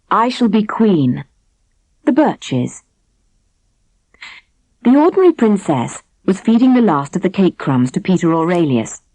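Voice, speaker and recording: A woman narrating a children's storybook audiobook in an expressive reading voice, close to the mic. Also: fairly low pitch, dry recording, poor audio.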